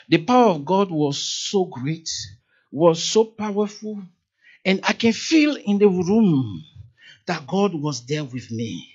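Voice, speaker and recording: Male church elder, sermon, lively and emphatic, acts out quotes, lo-fi sound. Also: sits high. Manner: lively preaching, rising to emphatic peaks, acts out quoted dialogue. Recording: dull, lo-fi sound.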